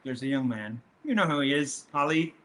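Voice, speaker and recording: A man's voice: mid-range voice, animated, moderate pace, a bit bright. A man speaking as an interview guest in a casual conversation, rambling with frequent restarts and a mocking, provocative manner. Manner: rambling, with many restarts and fillers.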